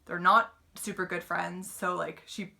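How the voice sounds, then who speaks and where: A woman talks through a book review in an easy, rambling way, full of "like" and fillers. Her voice is bright and forward, with a gravelly rasp of fry underneath. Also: lowish voice, fairly even intonation, unhurried. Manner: chatty, filler-heavy retelling with lots of "like".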